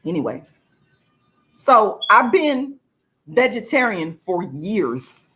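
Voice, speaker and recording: A woman vlogger in a casual to-camera monologue, talking emphatically with plenty of swearing and her pitch jumping high for emphasis. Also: big pitch swings, slow pace, pushed and bright. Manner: emphatic and profane, with laughs between points.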